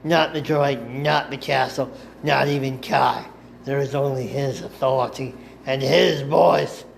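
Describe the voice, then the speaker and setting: A man narrating a first-person story in a deliberate amateur reading, sometimes correcting himself. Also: medium pitch, steady tone, gravelly, slight background noise. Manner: slow, deliberate reading with occasional self-corrections.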